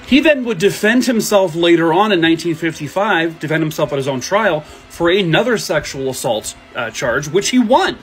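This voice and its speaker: A man recounts a true crime case in a casual, conversational way, now and then pausing on a filler. His voice sits a little on the high side. Soft music plays underneath him. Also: lively intonation.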